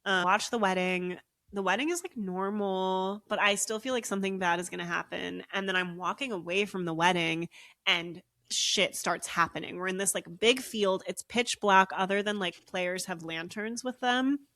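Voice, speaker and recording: A woman's voice: medium pitch, moderate pace, dry recording, studio quality. A young woman hosting a podcast, telling a long story in casual chat with lots of "like" fillers. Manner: animated, frequent "like" fillers. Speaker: podcast co-host.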